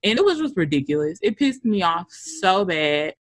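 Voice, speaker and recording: A woman co-hosting a casual chat, telling a work story with animated delivery, swearing and acting out quotes. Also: lowish voice, normal speed.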